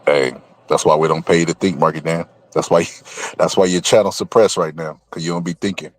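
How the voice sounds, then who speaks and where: A man with a fairly low voice hosts a live online talk stream, needling his co-host and spinning a joke story. The sound is close and dry, with no room echo. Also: steady tone, a little fast. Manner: joking, teasing, storytelling with put-on voices. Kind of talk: casual trash-talk banter.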